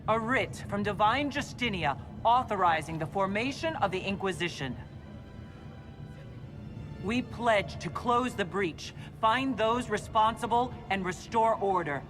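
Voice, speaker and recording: An actor playing a resolute male leader in a video game, speaking in measured, formal tones. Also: sits high. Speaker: Inquisitor. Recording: game audio with music.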